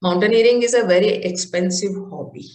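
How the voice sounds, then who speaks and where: A woman's voice: medium pitch, brisk, darkish tone. Indian woman explaining step by step. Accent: Indian English. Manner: explains step by step with many "uh" fillers. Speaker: guest, mountaineer and marathon runner. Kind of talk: conversational podcast interview. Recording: roomy echo.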